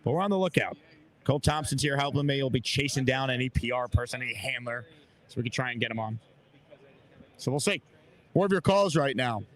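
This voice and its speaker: Male sports radio host, chatty and upbeat, ordinary mid pitch. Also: expressive, a little fast, long pauses, a bit bright. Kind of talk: live sports radio call-in show. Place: busy radio row at a big event.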